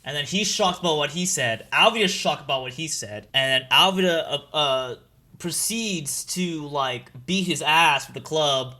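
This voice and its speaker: A man casually recapping an anime for a video channel. His voice is bright and a little high-pitched, and he rambles, swears and fills gaps with ums and likes. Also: normal speed. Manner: profane, rambling, full of fillers.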